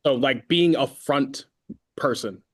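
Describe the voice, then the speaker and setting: A man's voice: mid-range voice, takes it slowly. A man from California, a band vocalist as an interview guest, telling stories in a rambling way with lots of fillers. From Concord, California. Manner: rambling, filler-heavy, animated storytelling. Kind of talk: casual interview chat.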